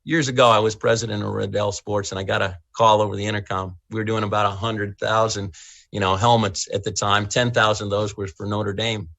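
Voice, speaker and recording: A middle-aged man with a gravelly, creaky edge to his voice, telling folksy stories in an animated way and often stumbling over his first words. The sound is dry and close, with no room around it. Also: fairly low pitch, brisk, dry recording. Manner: folksy, animated storyteller who repeats and restarts words. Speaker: state senate candidate. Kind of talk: interview answers.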